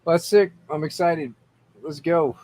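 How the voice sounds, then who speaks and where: A man in a relaxed group chat, his voice a bit higher than average. He mostly answers with short reactions and jokes. Faint clicks are heard behind him. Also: a little slow, slight background noise. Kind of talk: casual chat.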